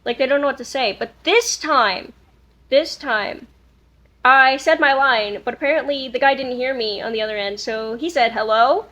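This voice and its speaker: A woman's voice: high voice, normal speed, pushed and bright. A young woman casually telling a rambling story on a podcast, full of fillers and restarts. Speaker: podcast co-host. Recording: dull lo-fi recording.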